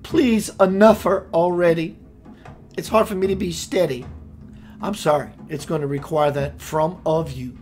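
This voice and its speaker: Preachy spiritual host, rhyming, swinging loud-soft. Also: male voice, on the high side, fairly even intonation, a little slow, soft background music. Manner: preachy, with playful rhymes and sudden swings between loud and hushed. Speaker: spiritual radio show host. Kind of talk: impassioned spiritual talk.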